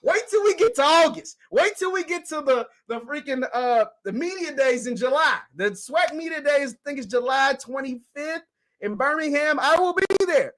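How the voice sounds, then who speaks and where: High-voiced man hosting a sports call-in. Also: normal speed. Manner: animated, laughs along with callers. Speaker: host. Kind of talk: casual sports call-in chat.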